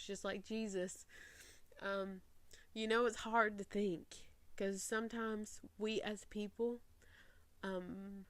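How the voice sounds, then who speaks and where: A woman in her twenties speaking slowly and earnestly to camera, her voice close to breaking as she holds back tears. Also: mid-range voice, dry recording. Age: 20s. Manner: slow, earnest, voice near breaking. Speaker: faith podcast host. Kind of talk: personal reflective talk to camera. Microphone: facing camera.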